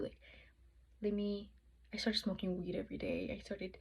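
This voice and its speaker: A woman's voice: mid-range voice, normal speed, gravelly, dull audio. Candid young woman vlogging, noisy room. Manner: candid, swears freely, quotes others in animated voices. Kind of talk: casual personal storytelling. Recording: noisy background.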